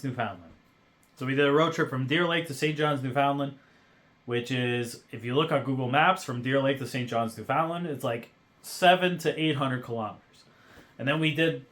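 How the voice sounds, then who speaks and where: A man hosting a podcast, telling a casual story in a profane, ranting way that swings between mumbled asides and loud outbursts. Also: medium pitch. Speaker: podcast host.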